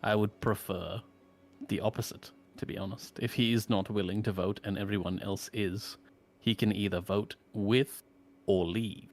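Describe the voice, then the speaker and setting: Low-voiced man player at a game table. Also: fairly even intonation, normal speed, faint music behind. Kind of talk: casual chat at a tabletop game.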